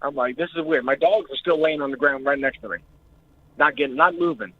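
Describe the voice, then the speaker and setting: A man's voice: medium pitch, fairly quick. Jittery man on a tinny phone line. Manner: jittery, swearing, emotional. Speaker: caller. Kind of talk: recounting an experience on a call-in show.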